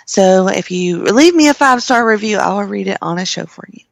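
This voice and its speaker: Podcast guest, woman, gravelly, upbeat and friendly, dry close sound. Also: medium pitch, expressive, a little fast, no echo. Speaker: podcast guest and host of her own show. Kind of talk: casual chat.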